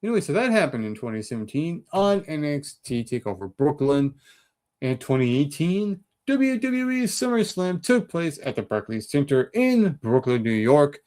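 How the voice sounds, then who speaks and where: A man hosting his own show, reading through an on-this-day list of past events with quick asides. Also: a little high, very animated, darkish tone. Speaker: host.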